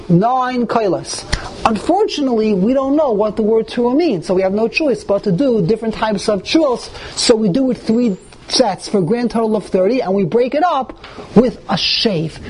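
A man with a notably high voice leads a lecture for a live group, reading passages aloud and breaking them down with lively emphasis. His delivery is animated and insistent. A faint hum of background noise sits under his voice. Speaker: religious teacher.

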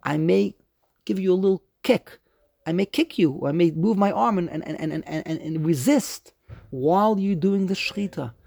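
Guy doing an anxious young man begging his dad, bit higher voice, gravelly edge, dry sound. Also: normal speed, a little mellow, dry recording. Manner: anxious, earnest pleading.

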